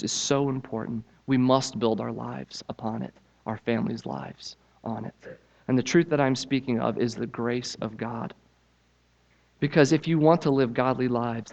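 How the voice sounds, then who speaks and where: A man's voice: mid-range voice, gravelly, darkish tone, lo-fi sound. A man preaching a sermon as pastor, earnest and emphatic as he drives his points home.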